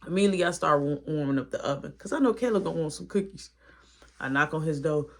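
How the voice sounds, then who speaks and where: A man's voice: on the high side, fast, vocal fry. A man telling a long personal story in a casual way and acting out what everyone said. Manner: animated, acts out quoted dialogue.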